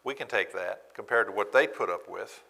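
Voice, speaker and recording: A preacher teaches a bible class sermon with a bright, forceful, lowish voice marked by vocal fry, speaking at a moderate pace. He is animated and acts out sarcastic quotes with relish, while the church room adds a long reverb.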